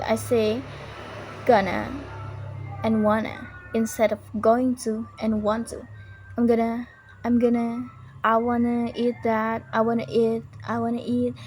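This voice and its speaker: A young woman recites a pronunciation lesson as a tutorial monologue, speaking deliberately and stressing the key words. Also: on the high side, a little mellow, slight background noise. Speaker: English learner giving pronunciation tips.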